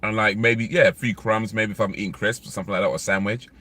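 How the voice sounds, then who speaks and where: A man's voice: lowish voice, fairly even intonation, fast talker, pushed and bright. A man, vlogging in casual, rambling chat while eating in his car. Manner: rambling, chatty, many fillers. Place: inside a parked car.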